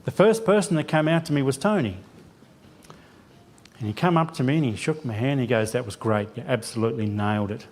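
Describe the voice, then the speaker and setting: A man's voice: mid-range voice, animated, a little fast, darkish tone. A man giving a church sermon as a lay preacher, telling a self-deprecating personal story with quoted dialogue. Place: church sanctuary.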